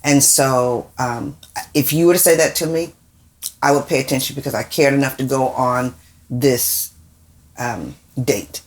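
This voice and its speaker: A woman's voice: extremely low pitch, a little slow. A woman co-hosting a podcast in casual conversation, emphatic, asking pointed questions. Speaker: podcast co-host.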